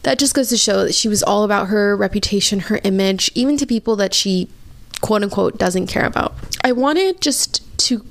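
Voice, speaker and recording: A woman's voice: medium pitch, moderate pace, vocal fry. A young woman in her twenties hosting a podcast, telling a personal story candidly and emotionally with many "like" fillers. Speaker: podcast host.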